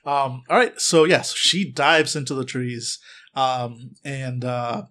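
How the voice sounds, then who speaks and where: A man's voice: mid-range voice, steady tone, slow, sharp tone. A man running a tabletop game as game master, narrating in a rambling way with many ums and restarts.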